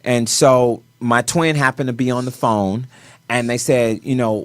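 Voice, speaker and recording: A man in a mid-range voice recounts a personal ordeal on a talk show. He talks in animated bursts, dropping low and then rising loud. The sound is close and dry, with no room around it. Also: a little slow, no echo. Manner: animated storyteller with sudden swings in loudness. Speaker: guest choreographer.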